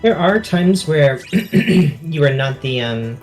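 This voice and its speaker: A man's voice: fairly high pitch, expressive, slow, a little mellow, faint music behind. A man in casual podcast chat, insistent and repeating himself as he makes his point.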